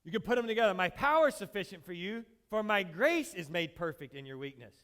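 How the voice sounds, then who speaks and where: A pastor preaching a sermon, acting out pleading prayers loudly, then dropping low and quiet. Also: male voice, big pitch swings, quick pace.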